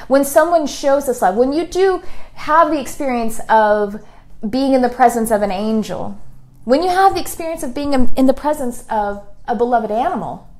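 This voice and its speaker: A woman's voice: high voice, expressive, normal speed. A woman spiritual teacher giving a lesson on love and self-worth in an earnest, repetitive way. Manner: earnest, repetitive, soft-spoken during the guided practice. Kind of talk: spiritual lesson leading a guided affirmation.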